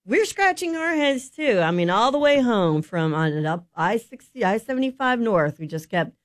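A woman's voice: a little high, sing-song, moderate pace, no room sound, clean studio sound. A woman co-hosting a radio show, chatting casually and with wry humor, who also reads the sports update. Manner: chatty, wry, laughs easily. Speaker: radio co-host.

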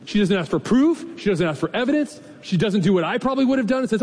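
A male pastor delivering a sermon in an easy, conversational manner, asking rhetorical questions and retelling stories with mild humor. His voice carries a long reverb from the sanctuary, with a faint low rumble underneath. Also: animated, quick pace, darkish tone. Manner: conversational preaching with rhetorical questions and light laughs. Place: church sanctuary.

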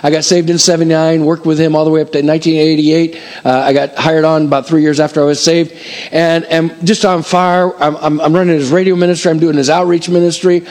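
An older male pastor preaching a sermon in an animated, conversational way, repeating phrases for emphasis. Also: a little high, brisk.

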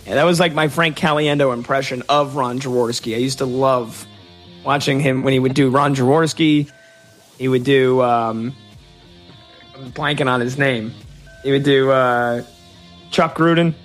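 A man hosting sports talk radio, chatty and joking, quick to slip into impressions. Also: medium pitch, steady tone, faint music behind.

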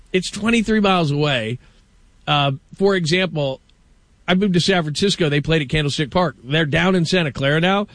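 A middle-aged man from Los Angeles hosting a casual sports talk show, animated and stretching words for emphasis. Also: a little high, dry recording. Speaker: show host.

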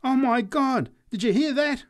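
A man doing an excitable drunk man. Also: very high voice, a little slow, voice pushed up. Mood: excited. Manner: excitable, slurred exclamations.

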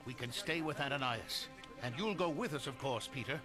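A man's voice: medium pitch, normal speed, over music, natural voice. An actor playing an earnest male believer in a radio drama, protesting injustice.

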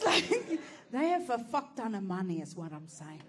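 A woman's voice: medium pitch, very animated, normal speed, a faint crowd. An Australian woman doing stand-up storytelling, brash and sweary, laughing through her punchlines. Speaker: stand-up comedian.

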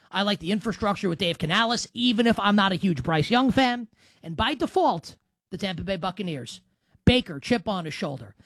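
A man's voice: high voice, no echo. A man in his thirties hosting a sports talk show, brash and emphatic, cracking jokes between picks. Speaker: sports radio host.

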